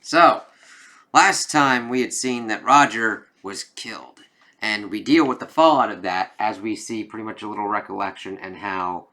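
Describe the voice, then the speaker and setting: A man talks through a comic book review in a loose, casual way, reading out the characters' lines as he goes. His voice is bright and forceful, pitched a little low for a man, and he swears freely. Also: normal speed. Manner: reads comic dialogue aloud, casual and swearing.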